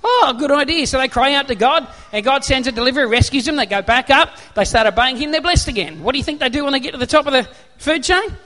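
A man preaching a sermon in an animated, humorous storytelling manner. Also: very high-pitched, fast talker. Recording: echoey hall reverb.

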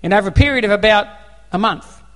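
An Australian man preaches in an earnest, conversational manner, slipping into voiced dialogue as he tells his story. His voice sits a little high for a man. It rings out with the long reverb of a large hall. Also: fast talker, a bit bright. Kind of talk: sermon with personal storytelling.

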